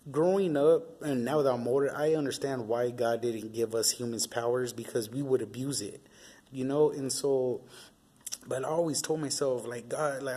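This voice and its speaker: Slangy, profane man telling a story. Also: medium pitch. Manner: slangy, profane, animated retelling. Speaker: vlogger. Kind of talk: casual storytelling to camera.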